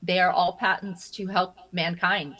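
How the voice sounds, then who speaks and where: A woman being interviewed, telling stories in an animated way, often laughing and repeating her first words as she starts a thought. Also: lowish voice, unhurried, poor audio. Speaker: interview guest. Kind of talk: casual interview conversation.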